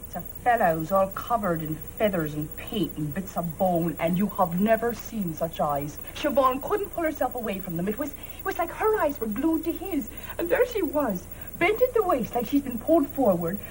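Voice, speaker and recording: An actress playing a chatty young woman in a 1970s period TV drama, telling a lively story and breaking into laughter. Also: fairly high pitch, normal speed, a little hiss or hum, low-quality recording. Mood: excited. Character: chatty young Irish woman back from a day out.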